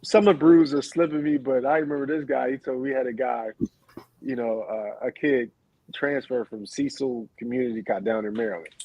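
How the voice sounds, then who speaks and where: A man's voice: mid-range voice, fairly even intonation, moderate pace, darkish tone, dry recording, rough recording. A man, a former basketball player, telling stories as a podcast guest and laughing often as he talks. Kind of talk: casual storytelling.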